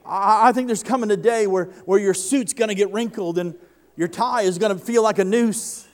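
A man's voice: high-pitched, moderate pace. A man preaching a sermon to a congregation, impassioned, often doubling the first word of a sentence as he builds. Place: church service before a congregation.

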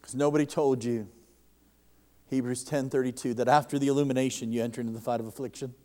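A man preaching a sermon to a congregation, fervent, and his voice rises loud when he quotes others. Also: mid-range voice, steady tone, fast.

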